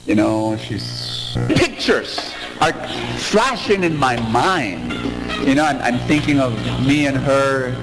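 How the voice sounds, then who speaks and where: A man voicing a troubled married man who quietly and haltingly confesses, heard in an echoey hall with music behind. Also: medium pitch, close to an everyday voice.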